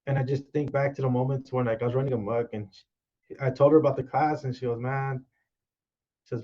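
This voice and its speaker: A man's voice: medium pitch, fairly quick. A man, a podcast guest, telling his life story casually and acting out quoted dialogue as he goes. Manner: animated retelling with quoted dialogue. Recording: dull, lo-fi sound.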